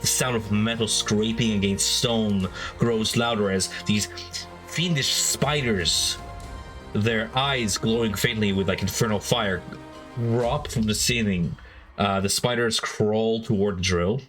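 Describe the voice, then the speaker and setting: A man runs a tabletop game, narrating scenes in a low voice. He keeps it casual and loose, dropping "like" and "uh" throughout, over faint background music. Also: a little slow, a bit bright, poor audio. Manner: casual, many fillers like "like" and "uh". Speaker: game master.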